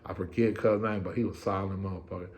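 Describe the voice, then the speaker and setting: A man's voice: deep voice, fast. A middle-aged man casually telling a story in a streetwise, profane style. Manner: streetwise, profane, animated retelling with quoted voices.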